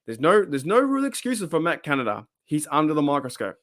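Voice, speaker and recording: A man hosting a fan channel, talking in an excitable, rambling vlog style. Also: on the high side, fairly quick. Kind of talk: casual vlog talk.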